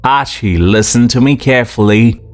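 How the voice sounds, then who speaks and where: A man's voice: mid-range voice, moderate pace, faint music behind, voice pushed up, natural voice. A man voicing a proud, self-loathing military commander who speaks solemnly, in an audiobook reading. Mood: commanding.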